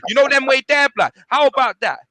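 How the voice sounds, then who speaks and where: A man's voice: very high-pitched, animated, a little fast, pushed and bright, dry recording. A man, boasting emphatically in slang-heavy football banter as a fan pundit.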